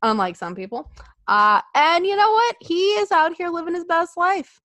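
A woman co-hosting a casual podcast, laughing often and acting out quotes in an animated way. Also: very high voice, normal speed, dry recording. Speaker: podcast co-host. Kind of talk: casual wrestling podcast chat.

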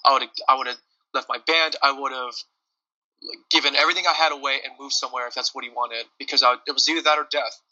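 A man's voice: mid-range voice, steady tone, fast, pushed and bright. A man, a singer being interviewed, telling a personal story in an earnest, heartfelt way with many restarts. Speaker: lead singer, interview guest. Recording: dull lo-fi audio.

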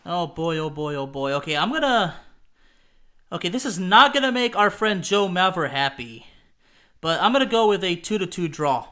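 High bright-voiced man chatting football picks. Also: sing-song, normal speed. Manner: hesitant, repeats words, laughs often. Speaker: podcast co-host. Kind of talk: casual football prediction chat.

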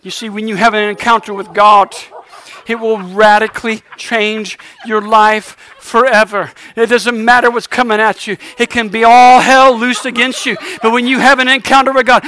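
A middle-aged man preaching a revival sermon, telling a lively story and building to shouted exhortation. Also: extremely high pitch, normal speed.

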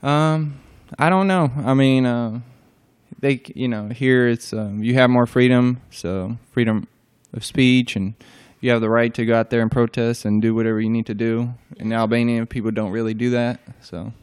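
A young man answering interview questions hesitantly, with many pauses and fillers and short replies. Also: mid-range voice, fairly even intonation, darkish tone, clean tone. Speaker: interview guest.

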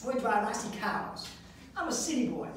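Animated male comedian in an echoey room. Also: sits high, a little fast, a little hiss or hum. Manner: animated storytelling with voices. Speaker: stand-up comedian. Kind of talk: stand-up comedy set. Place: live comedy venue. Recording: echoey room, distant mic.

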